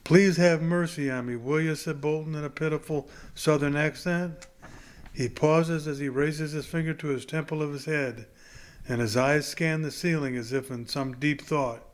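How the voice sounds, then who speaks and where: A man reading a novel chapter aloud in a plain, unhurried way. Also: on the high side, steady tone. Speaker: audiobook reader.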